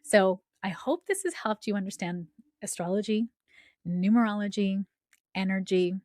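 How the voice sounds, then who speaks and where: A woman's voice: medium pitch, normal speed, darkish tone, no room sound, clean studio sound. A woman hosting a spiritual podcast in a casual, chatty way, often checking in with "right?". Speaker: podcast host and coach.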